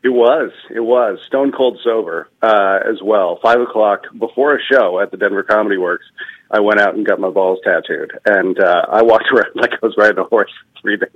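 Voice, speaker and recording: A young man, a comedian, telling stories in a deadpan, self-deprecating way in a casual podcast chat. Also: lowish voice, moderate pace. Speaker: comedian guest. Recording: dull lo-fi sound.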